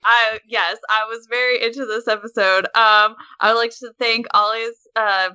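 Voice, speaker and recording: A woman co-hosting a casual podcast, speaking in a dry, measured way. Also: a little high, steady tone, pushed and bright, smooth, dry recording. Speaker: podcast co-host. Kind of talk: casual chat. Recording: dry, dull lo-fi podcast audio.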